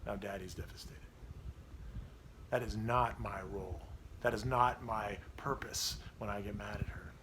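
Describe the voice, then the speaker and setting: A man's voice: on the low side, steady tone, measured pace, a bit bright, slight background noise. A man in his thirties, a pastor giving a devotional talk on parenting, telling a personal story in an earnest, confessional way.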